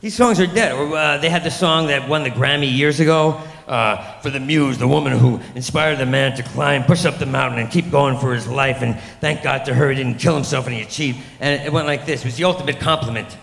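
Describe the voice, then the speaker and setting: A man's voice: medium pitch, brisk, gravelly, few pauses, a bit bright, in a large hall. A man doing a rambling, crude stand-up comedy set, full of sarcastic rants and mocking impressions.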